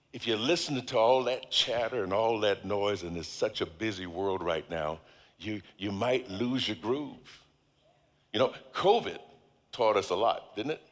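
A middle-aged man preaching a sermon with a fairly low voice. He leads the crowd in call-and-response declarations and stretches key phrases for weight. His voice rings with the long reverb of a big church hall. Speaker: guest speaker.

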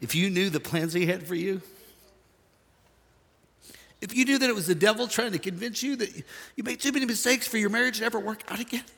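An older man preaching a sermon, folksy and jokey, swinging from hushed asides to shouting. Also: high-pitched, brisk, pauses often, husky, in a large hall. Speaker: pastor.

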